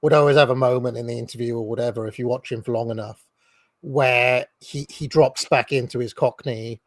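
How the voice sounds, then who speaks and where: A man with a mid-range voice chats on a podcast, quick to chime in with his own points. The sound is dry, with no room echo. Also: medium pitch, fairly even intonation. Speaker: podcast co-host. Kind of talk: casual podcast discussion.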